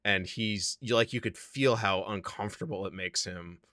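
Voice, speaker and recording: A man's voice: fairly low pitch, moderate pace, bright, forceful tone, clear, resonant tone, dry recording, studio quality. A podcast co-host, a man, enthusiastically talking through a film scene in casual chat, full of filler words. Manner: enthusiastic, lots of "like" fillers, laughs often.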